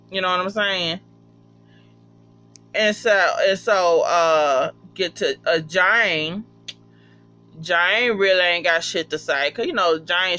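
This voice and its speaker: A vlogger casually recapping a TV episode, profane and animated, acting out the characters' lines. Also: mid-range voice, slight background noise. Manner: profane, animated, acts out quotes. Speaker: TV episode reviewer.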